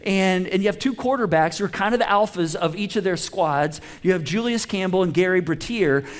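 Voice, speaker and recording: A man with a notably high voice gives a conversational church sermon, stumbling over restarts and slipping into playful acted-out voices when quoting people. He talks directly to the congregation and asks them to respond. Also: brisk. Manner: conversational preaching with many restarts, acting out quoted voices. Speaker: pastor. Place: church auditorium with a live congregation.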